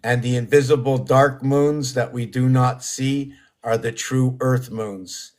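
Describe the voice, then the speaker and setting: A man's voice: mid-range voice, steady tone, measured pace, a little mellow. A man hosting a solo livestream, musing in a rambling, meandering way about numbers and hidden meanings. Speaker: livestream host.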